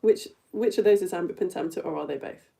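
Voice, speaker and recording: A woman's voice: on the low side, fast talker, vocal fry, dark tone. A middle-aged woman teaching an online all-ages lesson, running a quiz in a playful way that often breaks into a giggle and speaks straight to her viewers. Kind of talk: live-streamed quiz lesson.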